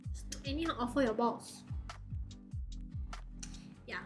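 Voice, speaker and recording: A young woman with a Singaporean English accent talks in a high, bright register, rambling cheerfully to her stream chat. She giggles often between thoughts. Soft music plays faintly behind her. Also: slow pace. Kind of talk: casual chat with live viewers.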